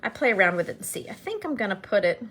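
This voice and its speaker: A woman's voice: medium pitch, very animated, quick pace, fairly bright tone, breathy edge. A middle-aged woman chatting her way through a card-making demonstration in her home craft studio, upbeat and joking as she works. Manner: chatty, upbeat, jokes while working. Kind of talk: casual craft tutorial narration.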